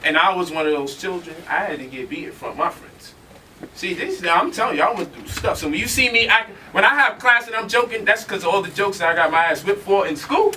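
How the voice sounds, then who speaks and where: A man telling stories to a live audience in an animated, joking way, laughing often. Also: high voice, quick pace. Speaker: speaker. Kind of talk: storytelling lecture. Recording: distant mic with faint noise.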